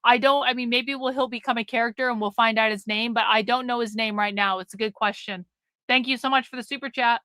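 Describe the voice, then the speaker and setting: A woman hosts a live stream and comments casually while reading viewer messages. Her voice is high and bright, and the sound is close and dry. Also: fairly even intonation, quick pace, no room sound. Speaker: livestream host.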